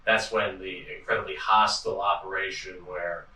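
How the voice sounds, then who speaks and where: A man describing events in a halting, hesitant way, recorded in an echoey room from a distance. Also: low-pitched, steady tone, bright, forceful tone. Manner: halting, hesitant, with many fillers. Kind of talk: interview commentary.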